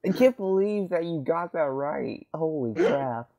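A man's voice: fairly high pitch, animated, unhurried, creaky, warm tone, highs cut off, slight background noise. A young man co-hosting a casual podcast, blunt and dryly teasing. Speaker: podcast co-host.

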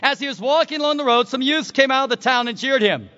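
A man preaching a sermon, telling the story dramatically and swinging from shouts to hushed tones. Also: very high voice, expressive, fast. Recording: dull lo-fi recording.

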